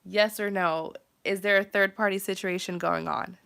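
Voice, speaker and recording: A woman's voice: medium pitch, fairly even intonation, normal speed, creaky, a bit bright, clean tone. A woman with a nasal, congested voice, hosting a casual tarot live stream, chatty and full of fillers. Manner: chatty, many fillers, laughs often. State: congested from travel.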